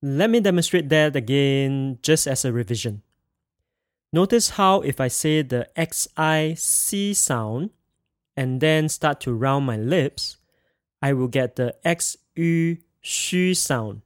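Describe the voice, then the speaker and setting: A man's voice: medium pitch, lively intonation, unhurried, clean studio sound. A man teaching a pinyin pronunciation lesson, speaking carefully and repeating sounds for students to echo. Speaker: language teacher.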